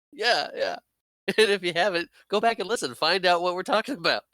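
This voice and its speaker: A man's voice: high voice, animated, normal speed, fairly bright tone, no room sound, clean studio sound. A man co-hosting a casual movie podcast, playful and teasing, laughing often. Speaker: podcast co-host. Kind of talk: casual chat.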